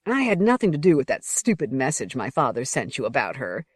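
A woman's voice: rumbling low, big pitch swings, a little fast, husky, no room sound, clean studio sound, heavily acted. A woman reading the part of a smirking young male lord who is boastful, bland and cajoling.

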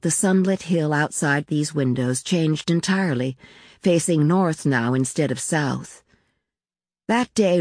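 A woman reads a literary story aloud in the calm, measured manner of an audiobook. Her voice sits low, and she lets the lyrical passages unfold at an even pace. The recording is close and dry, with no room sound around her. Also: no echo. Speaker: narrator. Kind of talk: audiobook reading of literary fiction.

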